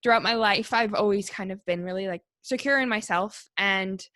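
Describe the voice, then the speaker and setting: A woman's voice: mid-range voice, moderate pace, fairly bright tone, no echo, clean studio sound. A woman in her twenties with a Canadian accent, talking casually as a podcast guest and using "like" often. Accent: Canadian English. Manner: chatty, frequent "like" fillers. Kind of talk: casual conversation.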